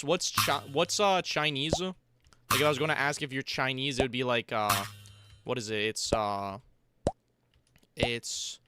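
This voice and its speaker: A young man streaming a game, chatting casually with viewers in a rambling, joking, slang-heavy way. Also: medium pitch. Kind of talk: casual livestream chat while gaming. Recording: loud background noise.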